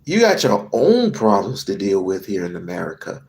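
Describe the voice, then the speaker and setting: A man's voice: deep voice, huge pitch swings, moderate pace, gravelly, a little mellow. A man giving a heated political rant to camera, profane and emphatic, hammering on repeated phrases. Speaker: political commentator.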